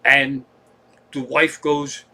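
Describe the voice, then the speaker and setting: A man's voice: medium pitch, level tone, extremely slow, bright, forceful tone. A man hosting a comedy live stream from home, telling rambling, profane stories in casual chat.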